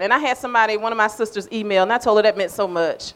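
An older woman giving a conversational sermon as a minister, emphatic and animated, acting out voices as she tells it. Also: on the high side, racing, few pauses.

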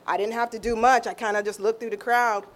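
Animated woman telling her testimony. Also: fairly high pitch, fast. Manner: animated storytelling, acts out quotes in raised tones. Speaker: guest sharing a testimony. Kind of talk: emotional personal testimony.

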